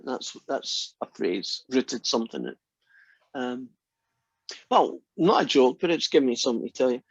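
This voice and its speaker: A man's voice: medium pitch, very animated, moderate pace, slightly rough, no echo, lo-fi sound. A Scottish man giving a math lecture in a classroom, chatty and often restarting his sentences. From Scotland.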